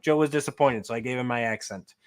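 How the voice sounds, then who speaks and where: A man's voice: mid-range voice, fast talker. A man hosting a podcast, casually reading a choose-your-own-adventure book aloud. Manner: casual, laughs between lines. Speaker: podcast host.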